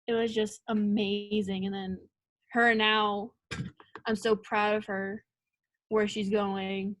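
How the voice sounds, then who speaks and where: A woman's voice: mid-range voice, takes it slowly, pauses often, no echo. A young woman, a college soccer player, telling stories in a casual interview and acting out the lines she quotes. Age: young adult. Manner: animated storytelling, acts out quoted lines.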